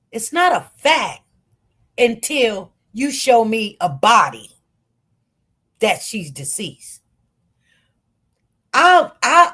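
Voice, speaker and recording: High, slow-talking Detroit woman. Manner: animated, emphatic, repeats words. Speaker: live-stream commentator. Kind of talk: casual storytelling to viewers.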